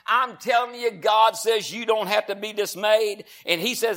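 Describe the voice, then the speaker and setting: A male pastor preaches in a folksy, emphatic way. His voice sits high for a man. He stretches out the scripture lines slowly, word by word. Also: bright, forceful tone. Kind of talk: sermon.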